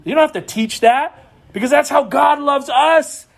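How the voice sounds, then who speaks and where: A young man delivers a sermon in a very high voice. His preaching is animated and swings between quiet passages and sudden raised bursts. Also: normal speed, gravelly. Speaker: pastor.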